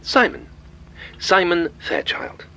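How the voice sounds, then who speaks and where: A man's voice: sits high, huge pitch swings, slow pace, pushed and bright, slight background noise, exaggerated voice. An actor playing a genial, cheerfully polite but menacing old man in an audio drama.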